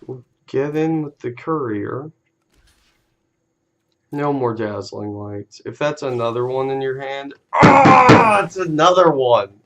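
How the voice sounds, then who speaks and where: A man's voice: mid-range voice, takes it slowly, long pauses, a little mellow, dull audio, slight background noise. A man casually talking through a card game on a live stream, laid-back and easily amused, with casual swearing.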